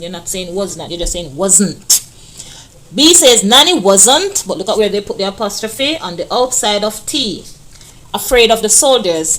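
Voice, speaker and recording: A woman's voice: mid-range voice, fairly bright tone. A woman teacher, walking children through test answers in a chatty way and stretching words to stress them.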